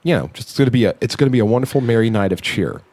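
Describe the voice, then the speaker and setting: A man's voice: mid-range voice, expressive, racing, a little mellow, dry recording. A man hosting a casual podcast, rambling and restarting his sentences, cursing now and then. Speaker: podcast host.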